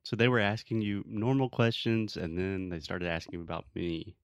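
A young man with a low, deep voice explains grammar patiently in a relaxed conversational lesson. The recording is dry and a little dull. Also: normal speed, clear, resonant tone, no room sound. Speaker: English teacher. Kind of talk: casual podcast lesson.

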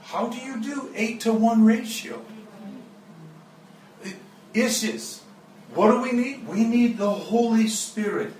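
A man's voice: very high-pitched, slow pace, pauses often, darkish tone, a little hiss or hum. A man from the Joplin, Missouri area, preaching as a guest and telling stories in an earnest, emotional way that breaks into laughs. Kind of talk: storytelling sermon. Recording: echoey room, mic at a distance.

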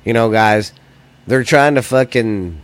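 A man's voice: fairly low pitch, slow pace. Profane, heated American man ranting. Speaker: podcast host. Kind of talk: solo political rant.

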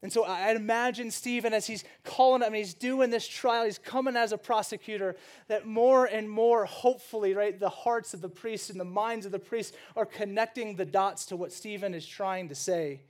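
A man preaching a sermon in a conversational, animated way, with asides and quick restarts. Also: high voice. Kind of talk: sermon with acted dialogue.

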